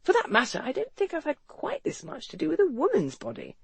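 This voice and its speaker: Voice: sits high, wildly swooping pitch, a little fast, gravelly, no echo, voice pushed up, heavily acted. A narrator voicing a wry young man who chatters on in light, mock-cheerful banter. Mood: teasing.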